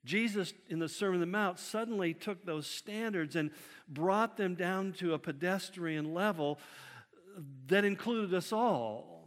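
A man preaching a sermon, with an animated delivery that acts out quotes by shifting his pitch and loudness. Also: unhurried. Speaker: pastor. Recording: long hall reverb.

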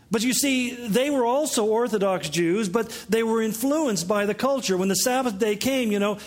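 A man with a notably high voice gives a sermon in a relaxed teaching manner. He mixes explanation with wry, joking asides. His delivery stays chatty, not declamatory. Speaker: pastor.

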